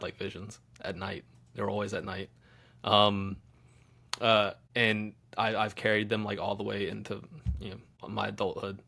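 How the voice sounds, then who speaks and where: Gravelly, reflective man hosting a podcast. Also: lowish voice, bright, forceful tone. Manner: halting and reflective, many ums. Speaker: podcast host. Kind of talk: casual conversation.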